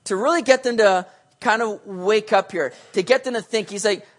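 A pastor preaching a sermon, animated, switching between loud emphasis and hushed asides, and acting out quoted voices. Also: medium pitch, moderate pace. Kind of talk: sermon teaching on a Bible passage.

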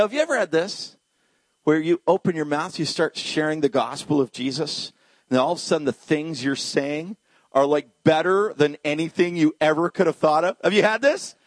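A pastor delivers a sermon in a voice on the high side, recounting a personal story and acting out its dialogue. Sometimes he drops to a hush, and the recording has no echo.

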